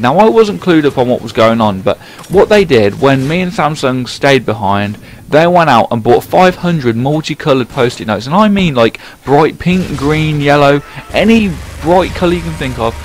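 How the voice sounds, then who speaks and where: Young man, animated casual anecdote, middle pitch, soft music bed. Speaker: YouTube gameplay commentator. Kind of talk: casual storytelling voiceover.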